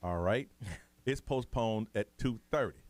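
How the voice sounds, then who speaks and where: Here a morning radio host from the United States speaks slowly in a fairly low voice, recorded in the studio with no room sound. He tells a casual story with animation and performs the voices of the people in it.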